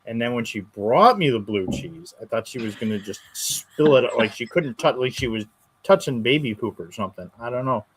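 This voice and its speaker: A man's voice: medium pitch, lively intonation, brisk, slight background noise, low-quality recording. A man with a Western New York accent, co-hosting a casual live stream with easygoing, short remarks. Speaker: co-host.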